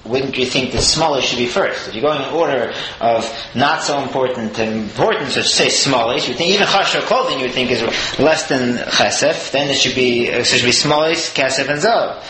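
A man's voice: medium pitch, normal speed, few pauses. A man giving an explanatory Torah talk, earnestly working through the verses phrase by phrase. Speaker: Torah teacher. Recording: echoey room with steady noise.

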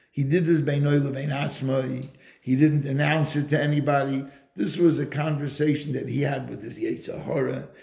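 A man's voice: medium pitch, gravelly, darkish tone, roomy sound. A man giving a Torah lecture in English, weaving Hebrew and Yiddish terms into his storytelling. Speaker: Torah teacher.

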